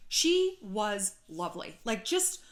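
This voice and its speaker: A woman's voice: mid-range voice, very animated, slow. A woman from California hosting a casual gossip commentary vlog, chatty and sarcastic, laughing often and swearing freely. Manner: frequent swearing. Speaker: YouTube host.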